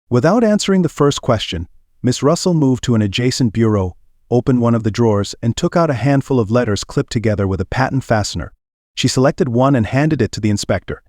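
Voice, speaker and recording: A man reading a mystery novel aloud in measured, even storytelling. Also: medium pitch, no room sound, clean studio sound. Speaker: audiobook reader. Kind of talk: scripted narration.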